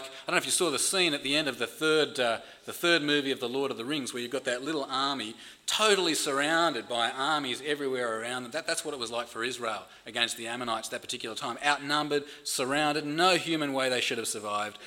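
A man's voice: mid-range voice, pushed and bright. A man preaching a sermon in an earnest way, often repeating words as he builds emphasis. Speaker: pastor.

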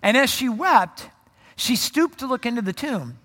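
A male pastor with a high, bright voice preaches a sermon. He tells the story in a lively way and throws in joking asides. His voice rings out in a long hall reverb. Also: measured pace.

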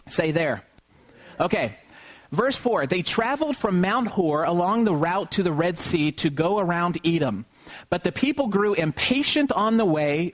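A man preaching an Easter sermon, often asking the congregation questions and pausing for them to call back the answer. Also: a little high. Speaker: pastor.

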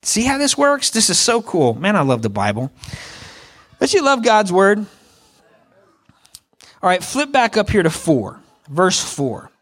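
A man preaching a sermon as a pastor, lively and playful, often asking the congregation questions. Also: high voice, unhurried, pauses often.

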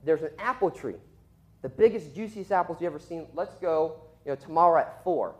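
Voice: medium pitch, brisk, close to an everyday voice. A storyteller voicing a scheming hungry wolf in a plain, coaxing way.

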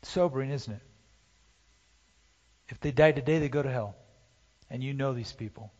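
A man preaching a sermon, impassioned, swinging from loud urging to hushed pleading, recorded in a church sanctuary. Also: medium pitch, normal speed. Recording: dull, roomy church hall sound.

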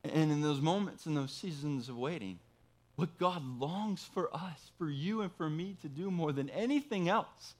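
Guy pastor telling his story in a sermon, slightly high voice, casual, says man a lot, gets loud then real quiet. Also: moderate pace. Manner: swings from loud pleading to hushed, soft storytelling; casual, conversational preaching with fillers like "man".

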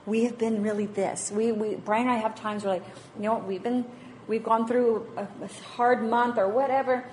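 Her voice sits fairly high yet sounds darkish, holding a steady tone at a moderate pace against slight background noise. She's a woman in her thirties with five children, chatting to a church group about parenting and faith with plenty of laughter and self-mockery.

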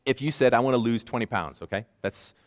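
A man's voice: mid-range voice, quick pace, long reverb tail. A man in his forties preaching a conversational sermon with self-deprecating asides. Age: 40s. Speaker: pastor.

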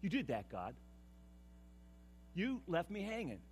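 A man's voice: high voice, wildly swooping pitch, measured pace, slight background noise, exaggerated voice. A man voicing an exasperated, anguished prophet. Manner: exasperated, pleading, rising to a shout. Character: anguished male prophet railing at God.

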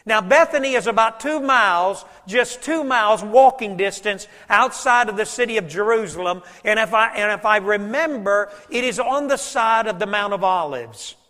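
A preacher delivering a sermon in a fairly high voice, mixing homey anecdotes with scripture. He drops suddenly soft for emphasis, and his words trail off into the long echo of a big sanctuary. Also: moderate pace, few pauses. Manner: folksy storytelling preacher, varies volume for emphasis. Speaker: pastor.

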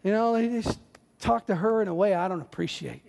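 A male pastor preaching a sermon in an earnest, conversational way with animated asides. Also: sits high, fairly quick, creaky. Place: church sanctuary. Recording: long church hall reverb.

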